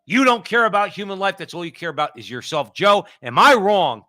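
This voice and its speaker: A man's voice: high-pitched, very animated, a little fast, bright, forceful tone. A man co-hosting a talk show, delivering impassioned, preachy commentary with repeated refrains. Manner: fiery, preachy, repetitive. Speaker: co-host.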